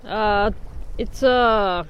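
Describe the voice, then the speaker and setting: The voice is mid-range and clean in tone, stretching out words, though the audio sounds dull. Outdoors on a winter beach, this livestreamer laughs frequently and replies to comments, with a hood-bundled mic and wind noise behind.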